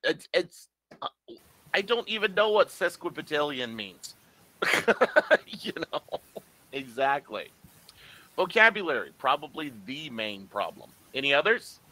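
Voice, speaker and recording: Animated, bright-voiced male English teacher. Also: on the high side, unhurried, poor audio. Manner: animated and joking, acting out confused listeners. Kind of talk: live online lecture. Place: online class.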